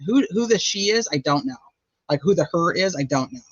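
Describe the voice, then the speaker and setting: A man's voice: sits high, expressive, brisk, a bit bright, dry recording. A man hosting a true crime channel, talking casually and filling his speech with "like" and "you know.". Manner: chatty, lots of "like" and "you know". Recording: dull lo-fi dry audio.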